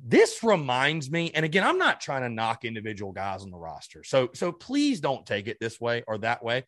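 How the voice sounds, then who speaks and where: A male podcast host vents in a heated, furious rant, swearing and tripping over restarts as he jumps from sharp high outbursts down to low grumbles. His voice is very lively in pitch. The recording is close and dry, with no room sound. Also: moderate pace, dry recording. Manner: heated and ranting, swearing, with many stammered restarts. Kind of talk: sports fan rant.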